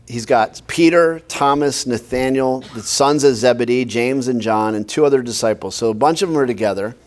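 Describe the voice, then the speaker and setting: A man's voice: medium pitch, normal speed. A man, a pastor, teaching a Bible class in a conversational way, often quizzing his listeners with questions.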